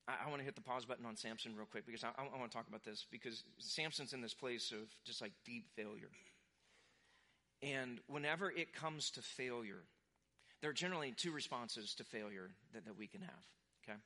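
A young adult man preaching a sermon, talking casually and acting out quoted voices as he tells the story. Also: medium pitch. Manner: animated, acts out quoted voices. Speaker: pastor.

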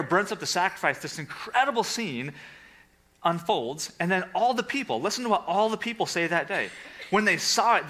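A man preaching a sermon to a congregation and an online audience, animated, with sarcastic asides and hushed, quiet passages. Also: high-pitched. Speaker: pastor. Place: church with a livestream audience.

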